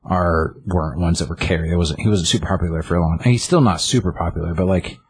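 A man's voice: sits low, quick pace, a little hiss or hum. A man chatting casually, retelling a comic book plot in a rambling way, full of fillers and acted-out lines. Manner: rambling, filler-heavy, acts out characters' lines.

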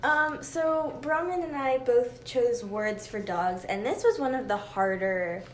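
A woman's voice: a little high, unhurried. A woman co-hosting a podcast, chatting casually with lots of fillers and giggles. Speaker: podcast co-host. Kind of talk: casual chat. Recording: roomy with faint hiss.

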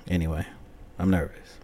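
A man hosting a solo comedy podcast, ranting profanely and swinging from loud outbursts to muttered whispered asides. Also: sits low, slight background noise. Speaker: podcast host.

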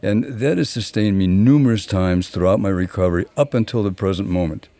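A man's voice: on the low side, brisk, dark tone. A man in his seventies, a podcast guest in casual conversation, telling long stories with dry, self-deprecating humor. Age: 70s.

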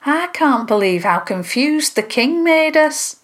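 An eager young girl chats brightly with her friend, voiced by a woman. Her voice sits a little high and moves slowly. It sounds like a children's audio story. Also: lively intonation. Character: cheerful, chatty young girl.

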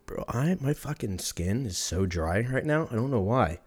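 A man's voice: medium pitch, animated, moderate pace, very noisy. A man hosting his own podcast, chatting casually in a rambling, profane way and laughing often as he goes. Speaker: podcast host. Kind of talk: casual solo podcast rant. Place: lives in Texas.

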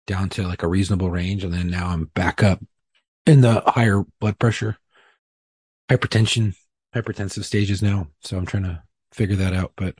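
A man with a low, deeply husky voice tells his story in a loose, profane, rambling way, often joking at his own expense. The sound is close and dry, with no room around it. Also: a little mellow, no room sound. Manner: profane, rambling, self-deprecating. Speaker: podcast guest. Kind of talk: casual storytelling.

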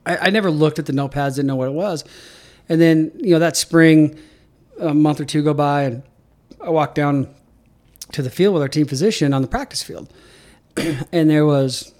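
A middle-aged man, a head athletic trainer, telling animated stories in a casual interview and acting out quoted dialogue. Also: a little high, normal speed, pauses often.

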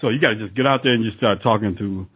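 A man's voice: lowish voice, quick pace, breathy edge. A man chatting casually on a podcast, laughing often and playfully acting out bits of dialogue. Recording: narrow phone-like sound.

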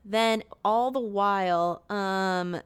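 A young woman in casual conversation, retelling a movie plot and acting out the characters' lines with lively jumps in her voice. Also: medium pitch, drawn-out words, smooth. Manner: animated, acts out quotes in shifting voices. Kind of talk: casual chat recapping a movie.

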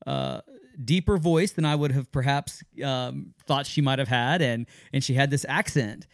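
A man co-hosts a family podcast with his wife. He tells a long personal story at an easy, rambling pace and often stops to correct himself. His mid-pitched voice is recorded close and dry, with no room sound. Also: moderate pace, creaky, no echo. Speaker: podcast co-host. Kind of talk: casual storytelling chat.

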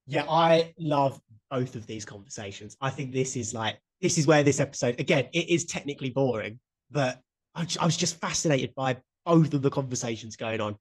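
A man's voice: medium pitch, a little fast. A young man with a mid-range voice chatting casually on a podcast. He gushes with enthusiasm, laughs readily and keeps checking that he is understood. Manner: enthusiastic, laughs often, trails off into "do you know what I mean". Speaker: podcast co-host. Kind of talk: casual chat.

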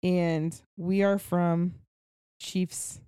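A woman in her thirties chats casually with friends. Her voice is smooth and clear, and the sound is close and dry. She tells stories with animation. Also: drawn-out words, no echo. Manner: animated storyteller, jumps to a high shriek when quoting her son. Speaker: podcast co-host. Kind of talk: casual chat. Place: small cabin room.

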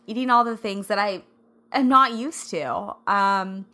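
Bright, slightly hoarse woman podcaster. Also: medium pitch, unhurried. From American Midwest. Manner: bubbly and chatty, laughs often. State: slightly hoarse, scratchy throat. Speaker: podcast host. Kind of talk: casual solo podcast chat.

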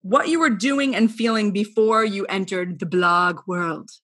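A woman's voice: medium pitch, unhurried, a bit bright. A middle-aged woman from New York hosting a podcast interview, bubbly and effusive with gushing asides. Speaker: podcast host.

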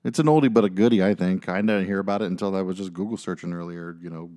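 A man's voice: deep voice, fast, warm tone. A man co-hosting a podcast, telling stories in casual chat with lots of fillers and jokey asides. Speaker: podcast co-host.

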